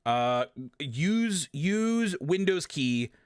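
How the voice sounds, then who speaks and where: Drawing out his words in a clear, resonant, somewhat high voice, a male streamer gives a casual tutorial at his home gaming setup. The recording is dry, and he frequently talks past his desk mic while swearing, repeating himself emphatically and throwing in animated sound effects.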